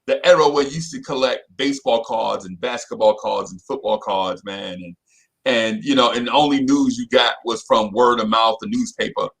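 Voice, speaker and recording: A middle-aged man, a podcast co-host, telling a story in casual chat. He talks in an animated way, often repeats himself and keeps saying "you know what I'm saying". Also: mid-range voice, normal speed, vocal fry, poor audio.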